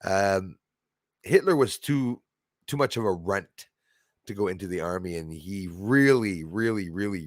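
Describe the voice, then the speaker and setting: Rambling man with a low, dry voice. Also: no echo. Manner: rambling, with many fillers and restarts. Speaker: host. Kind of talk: casual live-stream talk.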